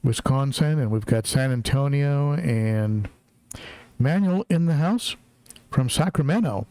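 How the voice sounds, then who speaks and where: A man's voice: mid-range voice, animated, unhurried, warm tone, no room sound. A middle-aged man from Southern California hosting a live stream, chatting casually and reading out viewers' names as they come in. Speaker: livestream host. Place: home, in Tennessee.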